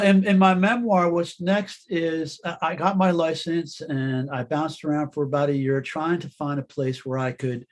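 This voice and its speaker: A man, a guest author, telling a personal story in an interview, in an earnest, halting way with many restarts. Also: fairly high pitch.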